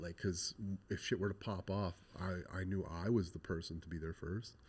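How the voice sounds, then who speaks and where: A man's voice: low-pitched, normal speed, slightly rough. A man, a guest graffiti artist, telling his life story in an interview, blunt and profane, acting out past conversations. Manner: blunt, profane, animated retelling with quoted dialogue.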